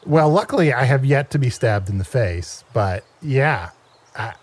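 A man's voice: medium pitch, lively intonation, a little slow, slightly rough. A man improvising comedy in a meek, earnest and hesitant way.

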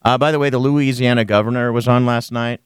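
Male radio host, mid pitch, animated storyteller, close dry mic. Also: quick pace, clear, resonant tone, no room sound. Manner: animated storyteller, acts out quotes. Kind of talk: morning radio banter.

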